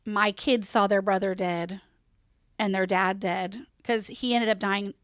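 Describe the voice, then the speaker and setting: A woman's voice: mid-range voice, fairly even intonation, unhurried, fairly bright tone, no echo, clean studio sound. A woman in her thirties, a podcast guest, giving a plain-spoken, grieving account with heavy sighs.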